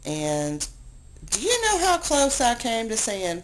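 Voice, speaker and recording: A woman at home, worn out and low after a long cry, venting to a camera she aims at herself in a rambling, self-deprecating, exasperated way. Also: wildly swooping pitch, slow pace, poor audio. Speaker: video blogger. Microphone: handheld camera she aims at herself.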